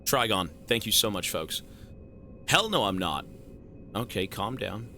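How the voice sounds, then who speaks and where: A male streamer riffs with his chat, cursing and teasing as he thanks donors. His voice is strikingly bright and edged. His pitch swings up and down constantly as he talks. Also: a little slow, a little hiss or hum. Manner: animated, profane, joking banter with chat.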